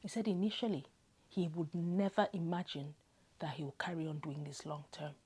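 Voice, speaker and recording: A woman's voice: low voice, steady tone, moderate pace, warm tone, breathy edge. A woman from Zimbabwe telling a heartfelt personal story to camera, tearful and often dropping to a whisper. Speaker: vlogger.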